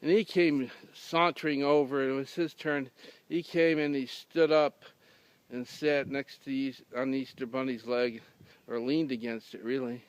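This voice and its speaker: A man's voice: mid-range voice, fairly even intonation, unhurried, smooth, no echo. A man telling a rambling humorous story in a dry, casual way, with many fillers and restarts. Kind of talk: casual deadpan anecdote telling.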